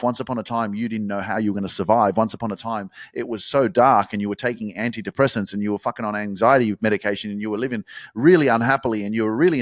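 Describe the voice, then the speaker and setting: A man hosting a motivational podcast, talking casually and swearing freely as he builds up to shouted hype. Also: medium pitch, no room sound, studio quality. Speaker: podcast host. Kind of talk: motivational talk.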